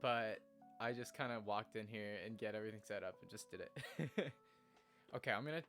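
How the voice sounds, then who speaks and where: A man's voice: lowish voice, normal speed, fairly bright tone, soft background music. A young man chatting casually on a morning stream from his home room, earnest and rambling, often laughing at himself.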